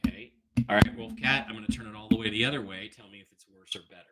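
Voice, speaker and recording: A man's voice: lowish voice, rapid-fire, a bit bright. A man hosting a casual livestream, reading viewer questions and answering them bluntly, while his level drops whenever he moves off the desk mic. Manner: blunt, dismissive, thinks aloud while fiddling with mic settings. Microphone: desk microphone whose level drops as he moves away.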